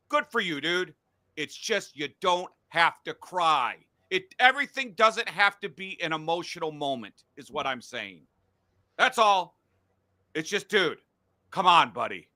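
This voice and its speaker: A man's voice: high voice, lively intonation, measured pace, bright, forceful tone, no echo. A middle-aged man hosting a casual sports podcast from a home studio, blunt and profane when he rants. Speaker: podcast host.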